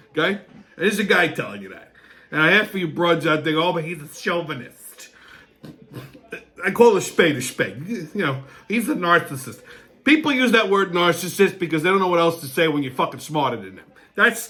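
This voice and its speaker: Brash, animated man ranting crudely. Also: high voice. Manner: crude, brash, swearing, mock-outraged. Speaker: show host. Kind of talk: comedic rant monologue.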